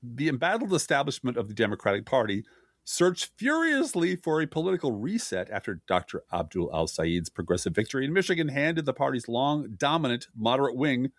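Sarcastic man with a lively voice. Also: mid-range voice, brisk, dry recording, studio quality. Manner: sarcastic, mocking. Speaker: podcast co-host. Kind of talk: casual political chat, reading news aloud.

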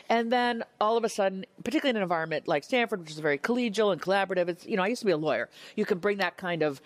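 A middle-aged woman author speaking candidly and passionately in an interview, with emphatic, animated retellings. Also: on the low side, very fast, no echo.

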